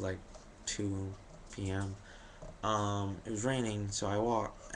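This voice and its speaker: Low-voiced young man rambling jokily. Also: vocal fry, slight background noise. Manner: rambling, jokey, self-deprecating, lots of "like" and "um". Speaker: vlogger. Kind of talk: casual rambling storytelling.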